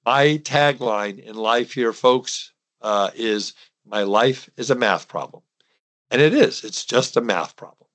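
A man's voice: mid-range voice, a little slow, fairly bright tone. A middle-aged man hosting a podcast as a dental accountant, talking emphatically and directly to his listeners in a preachy monologue. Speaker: podcast host and dental CPA.

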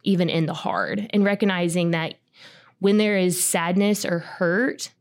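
A woman's voice: fairly low pitch, animated, a little slow. A woman guest on a podcast, sincerely and reflectively sharing her personal faith story.

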